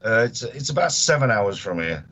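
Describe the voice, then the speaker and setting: English guest with a lively, dry voice. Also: male voice, medium pitch, normal speed. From England. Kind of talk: casual livestream chat.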